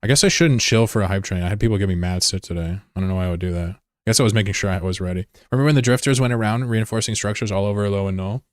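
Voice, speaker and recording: A man's voice: on the low side, racing, hardly any pauses, no room sound, studio quality. A man from the United States rambling and joking casually as he chats with his live-stream viewers. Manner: joking, rambling, answers chat messages.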